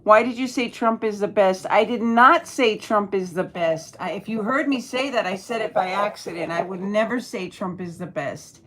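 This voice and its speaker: A woman's voice: medium pitch, moderate pace, hardly any pauses, a crowd in the background. A middle-aged woman from El Paso, Texas, hosting a casual live stream, reading chat aloud and answering bluntly with plenty of swearing. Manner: blunt, profane, talks back to chat. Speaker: livestream host reading chat.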